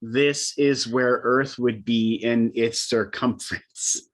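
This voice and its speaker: A man's voice: medium pitch, fairly even intonation, slow pace. A man running a tabletop game as game master, narrating loosely with frequent ums and uhs.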